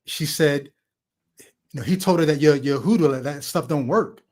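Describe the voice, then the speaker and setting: A man with a somewhat high voice hosts a relaxed film chat. He reflects out loud, circling back to the deeper implications of what he saw. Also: normal speed. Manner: reflective, thinks aloud about meanings. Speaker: podcast host. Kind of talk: casual film discussion.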